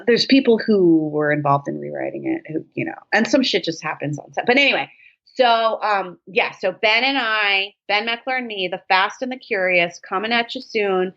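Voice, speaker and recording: A woman's voice: mid-range voice, normal speed, creaky. A woman guest in casual chat, telling jokey stories with plenty of swearing. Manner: profane, jokey, animated storytelling. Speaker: podcast guest. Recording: dull lo-fi sound.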